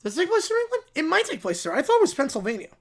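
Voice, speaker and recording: A live stream host chatting in a reaction stream, quickly reading out viewer questions and answering them. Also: high-pitched, wildly swooping pitch. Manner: rapid, reads out viewer questions.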